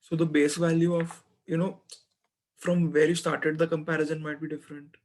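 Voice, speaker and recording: A young man speaks up in a classroom, answering his teacher with care and some uncertainty. His voice sits a little high and stays quite level. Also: flat delivery, moderate pace, a little mellow. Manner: careful, slightly unsure answers with restarts. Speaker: student.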